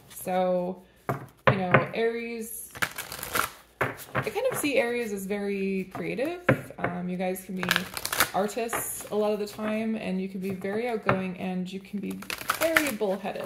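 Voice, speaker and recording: A woman's voice: mid-range voice, unhurried, creaky, echoey room, very noisy. A woman giving a tarot reading to camera in a casual, rambling way, chatting and laughing between the cards. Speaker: tarot reader.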